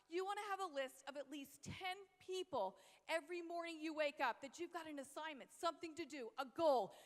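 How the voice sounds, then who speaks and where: A woman giving an energetic, enthusiastic motivational speech on stage, repeating her catchphrases. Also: extremely high pitch. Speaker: motivational business speaker. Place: large convention hall. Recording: long reverb of a big hall. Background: hall reverb.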